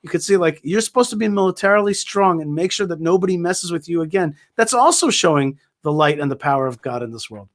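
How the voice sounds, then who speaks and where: A man's voice: fairly high pitch, lively intonation, fast talker, few pauses. Emphatic man telling a story. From Israel. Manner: emphatic, with frequent restarts. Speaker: guest speaker. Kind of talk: conversational storytelling.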